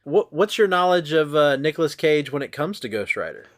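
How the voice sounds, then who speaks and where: A man's voice: on the high side, sing-song, brisk. A man hosting a casual movie podcast, chatting and sharing comic book trivia. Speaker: podcast host.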